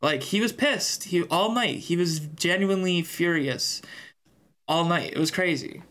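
A man's voice: on the high side, a bit bright. Fired-up man ranting about a fight. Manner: heated, swears, quick retelling. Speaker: podcast co-host. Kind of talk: casual sports chat.

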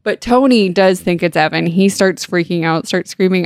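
A woman's voice: on the low side, normal speed, few pauses, no echo, studio quality. A young woman co-hosting a casual book recap, giggling often, swearing casually and filling with "like". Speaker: podcast co-host.

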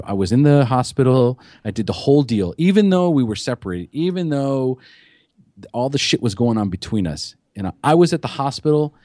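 A man's voice: medium pitch, dark tone, no echo, studio quality. A man as a podcast guest, candidly and emotionally recounting his addiction recovery in earnest, unpolished storytelling.

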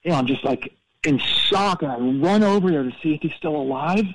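Man as a self-obsessed radio DJ, husky, dry sound, stammering comic caller. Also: a little high, expressive, a little fast, no echo, low-quality recording. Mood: deadpan. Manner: rambling storyteller, stammering restarts. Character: vain male radio DJ, cold and self-absorbed. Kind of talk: comedic call-in character bit.

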